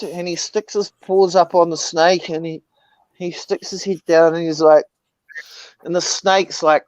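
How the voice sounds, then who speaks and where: A man's voice: high voice, steady tone, unhurried, no room sound. A man rambling through a funny story in casual chat, swearing as he goes.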